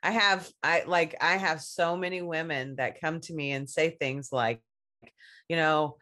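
A woman's voice: low voice, fairly even intonation, unhurried, bright, forceful tone. A woman co-hosting a casual podcast chat, talking frankly and laughing often. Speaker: podcast co-host.

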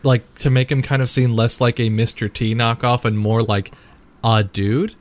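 A man's voice: medium pitch, steady tone, normal speed. A man co-hosting a casual gaming podcast, rambling with many fillers and mock quotes. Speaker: podcast co-host.

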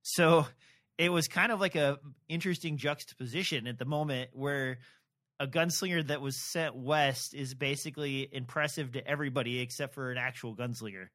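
A man's voice: mid-range voice, a little fast, a bit bright. A man co-hosting a podcast, talking casually about a book in a rambling, hesitant way. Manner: rambling, hesitant, many fillers. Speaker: podcast co-host.

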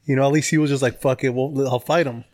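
A man's voice: medium pitch, steady tone, fast, a little mellow. A man co-hosting a podcast, chatting casually about sports in a laid-back, rambling way with casual swearing. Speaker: podcast co-host.

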